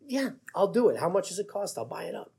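A man's voice: sits high, sing-song, vocal fry, warm tone, slightly rough, full character voice. A male pastor voicing a greedy man who jumps at a land deal, then backs out. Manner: casual, quick, then backpedaling. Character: eager, greedy middle-aged man weighing a deal.

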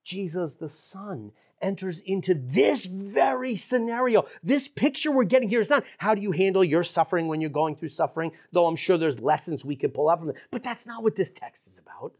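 A woman preaching a sermon in an earnest, emphatic way, dropping to hushed asides for effect. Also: on the low side, very animated, fairly quick, few pauses, husky.

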